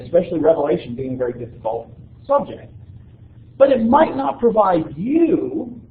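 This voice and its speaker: Male lecturer, high-pitched, chatty classroom delivery, echoey room. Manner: conversational, keeps checking in with "right?". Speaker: university lecturer. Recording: echoey room, tinny phone-like sound.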